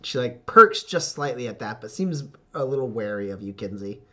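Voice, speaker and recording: A man narrating as game master of a tabletop role-playing game, unhurried and full of "like". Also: mid-range voice, lively intonation, pushed and bright. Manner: unhurried, lots of "like", laughs often.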